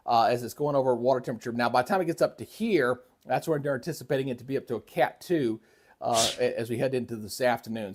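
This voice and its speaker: A man runs a live weather stream from his home setup, rambling in a folksy way with many fillers and restarts. His voice is mid-range with a darkish tone, and he switches between microphones and drifts away from them.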